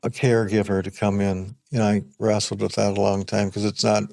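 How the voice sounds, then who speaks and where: A gravelly older man speaks in a low, even voice with little rise and fall. He is a guest in a relaxed podcast chat, reflective and plain-spoken. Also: a little fast. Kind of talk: casual conversation.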